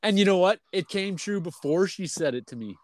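A podcast co-host with a high, darkish voice talks fairly quickly with lively intonation, recorded dry. He's blunt and swears heavily while casually venting, and he mentions he's feeling unwell.

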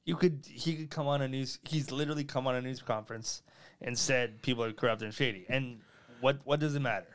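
A young man from Canada, chatting casually in a relaxed, rambling way. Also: mid-range voice, fairly quick. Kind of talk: casual chat.

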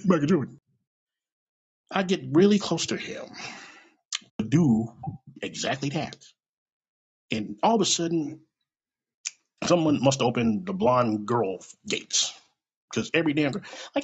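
A man telling a rambling, animated story late at night over a phone mic, swearing often and acting out the voices of people in it. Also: mid-range voice, unhurried, pauses often, slightly rough, lo-fi sound. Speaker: storyteller on an audio app.

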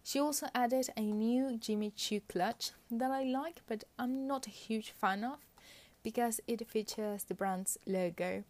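A woman's voice: mid-range voice, a little mellow. A woman giving casual, opinionated commentary on royal fashion, chatty with frequent fillers and little laughs.

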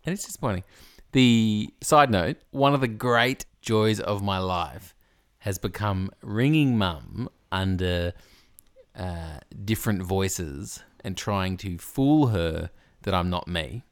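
Animated man, lively pitch. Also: takes it slowly, no echo, studio quality. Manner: playful, animated storytelling. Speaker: podcast co-host. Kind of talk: casual chat.

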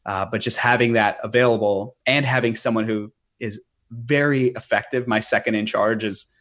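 A man with a low voice, a podcast guest who explains his way of working in an earnest, step-by-step manner. He leans on fillers like "you know" and "um" as he works through his points. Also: steady tone, moderate pace, a bit bright. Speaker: business owner, podcast guest. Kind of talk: podcast interview.

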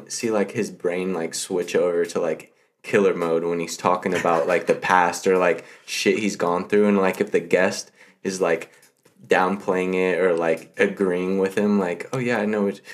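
Laid-back young man with a low voice. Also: steady tone, unhurried. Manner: laid-back, heavy use of filler "like". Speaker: podcast co-host. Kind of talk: casual chat.

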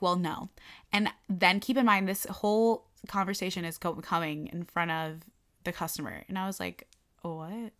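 A young woman in casual conversation, animatedly retelling a bad day at work and acting out the quotes. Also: medium pitch. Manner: animated, lots of "like", acts out quotes. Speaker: storyteller recounting a work incident. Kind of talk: casual chat.

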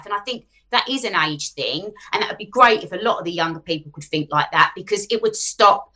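A woman's voice: medium pitch, lively intonation, fairly quick, few pauses, bright, forceful tone. A woman, chatting frankly and animatedly as an interview guest about her work online. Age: 40s. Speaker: finance influencer guest. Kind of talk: casual interview chat.

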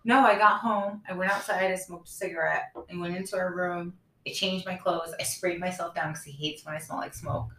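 Bright-voiced woman telling a candid story. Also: fairly low pitch, fairly quick, few pauses. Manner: candid storytelling, animated retelling of dialogue. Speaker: podcast co-host. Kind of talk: casual chat. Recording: echoey room.

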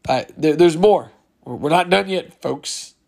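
A man hosting a laid-back solo sports podcast, his voice sitting a little high for a man. He chats loosely as he reads out listener replies, chuckling along with them. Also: a little slow, gravelly, darkish tone. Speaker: podcast host. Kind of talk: casual solo podcast chat.

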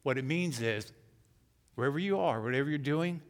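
Animated male pastor in a reverberant hall. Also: medium pitch, moderate pace. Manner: animated, acts out God's voice, swings from loud to hushed. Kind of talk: sermon. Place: church.

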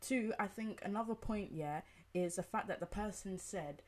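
A woman's voice: medium pitch, moderate pace. A young woman giving an emphatic opinion monologue, repeating herself and asking rhetorical questions. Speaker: commentator.

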